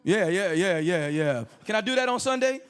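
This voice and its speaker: A male stand-up comedian telling crude stories with animated delivery on a comedy club stage, into a handheld mic. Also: sits high, moderate pace, clear, resonant tone.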